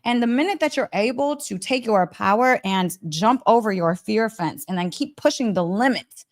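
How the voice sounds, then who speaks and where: A young adult woman telling a personal story to camera in a casual vlog, animated and laughing often. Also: medium pitch, normal speed. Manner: animated, laughs often, acts out quoted voices. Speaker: vlogger.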